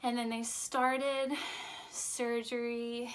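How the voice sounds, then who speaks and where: A young woman vlogger telling her personal birth story in a halting, emotional way, close to tears at times. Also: on the high side, fairly even intonation, fairly bright tone.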